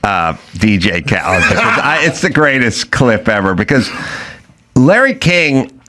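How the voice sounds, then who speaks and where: A man's voice: medium pitch, takes it slowly, noisy background. A man hosting a casual talk show, riffing and joking with his guests. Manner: animated, riffing jokes. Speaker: host. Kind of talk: casual chat.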